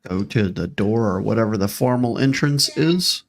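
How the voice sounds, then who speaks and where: Male player, chatty and self-deprecating, gravelly middle voice. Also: fairly low pitch, expressive, moderate pace. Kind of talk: casual table talk.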